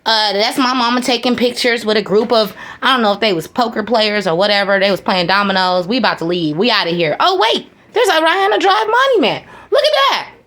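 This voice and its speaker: A woman's voice: fairly high pitch, lively intonation, a little fast, few pauses, a bit bright. A woman from the United States narrating a casual travel vlog, chatty and playful, with slangy asides to her viewers. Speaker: travel vlogger.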